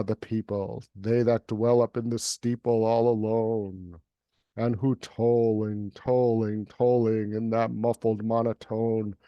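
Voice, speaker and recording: A man's voice: fairly low pitch, no room sound, lo-fi sound. A man and poet giving an emphatic, rhythmic poetry reading over a video call, then chatting about the poem. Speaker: poet reading at a livestream event. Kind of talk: dramatic poetry recitation, then casual chat.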